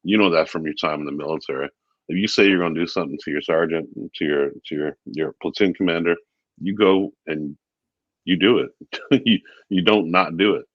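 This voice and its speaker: Man, extremely low voice, relaxed chatty guest, dull dry recording. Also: a little fast, no room sound. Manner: relaxed, chatty, many fillers. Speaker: guest, VP of sales. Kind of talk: casual interview talk.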